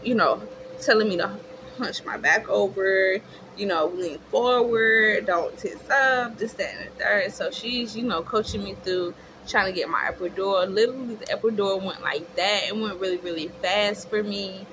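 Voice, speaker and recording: A young woman telling a chatty, expressive storytime to her viewers, calling them y'all. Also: medium pitch, moderate pace. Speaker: vlogger. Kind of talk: casual storytime. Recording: clear background noise.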